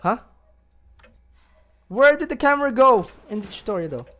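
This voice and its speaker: Very high-voiced jumpy man gaming. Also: lively intonation, moderate pace, fairly bright tone. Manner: jumpy, gasping and yelping, nervous laughter. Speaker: let's play gamer. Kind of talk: horror game commentary.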